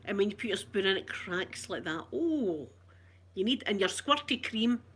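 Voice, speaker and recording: A woman's voice: medium pitch, lively intonation, normal speed, a bit bright, husky. A woman with a Glaswegian Scottish accent, hosting a casual, playful chat with her viewers and giggling often. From Scotland. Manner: chatty, giggly, broad and playful. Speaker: ASMR channel host chatting with viewers.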